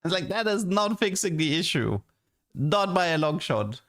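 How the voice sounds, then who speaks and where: A high-pitched male voice with big pitch swings and a fairly bright tone moves at a moderate pace. He's streaming games, casually and exasperatedly ranting, full of restarts and "like."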